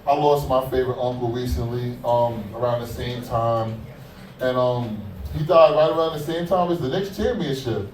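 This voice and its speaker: A man's voice: mid-range voice, normal speed, a little mellow, slight background noise. A man doing a stand-up comedy set, telling loose, profane stories full of fillers and asides. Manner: loose, profane, conversational storytelling with lots of fillers. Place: comedy club stage. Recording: echoey club from a distance.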